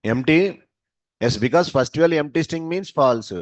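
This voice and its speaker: A man's voice: on the high side, expressive, moderate pace, no echo. A male programming teacher, running a class by asking short questions and answering them himself. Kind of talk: live coding class. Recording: dull, dry lo-fi sound.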